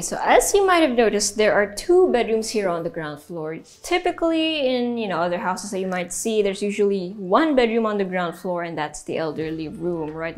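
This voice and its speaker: A woman with a Filipino accent hosting a house tour, chatty and giggly, now and then slipping into Tagalog. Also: medium pitch. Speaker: real estate tour host. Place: indoors in a large house.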